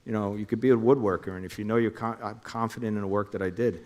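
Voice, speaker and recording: A man's voice: lowish voice, fairly even intonation, fast talker, darkish tone, long reverb tail, highs cut off. A middle-aged man from New Jersey, a former undercover officer, telling his story in an interview and acting out phone calls in quoted voices.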